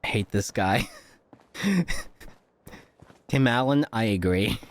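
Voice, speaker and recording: A man's voice: lowish voice, animated, drawn-out words. A young man chatting casually on a live stream, rambling and joking, swearing often and laughing a lot.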